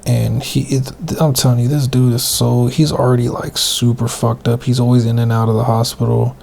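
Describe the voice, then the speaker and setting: Gravelly low-voiced man telling stories. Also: level tone, fairly quick, slight background noise. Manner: loose, profane, rambling; speaking softly, half-whispered. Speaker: podcast host. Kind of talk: casual storytelling monologue.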